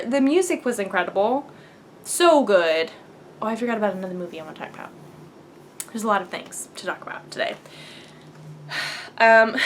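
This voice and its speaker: A woman's voice: high voice, slight background noise. A young woman hosting a knitting podcast in casual chat, bubbly and rambling, gushing and laughing often. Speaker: podcast host.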